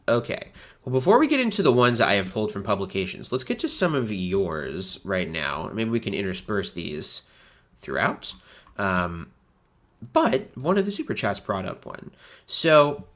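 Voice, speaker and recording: A man in his thirties from the United States with a stuffy nose, hosting a chatty, animated livestream. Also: fairly low pitch, a little slow. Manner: chatty and animated, many fillers. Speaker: host. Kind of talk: casual livestream chat.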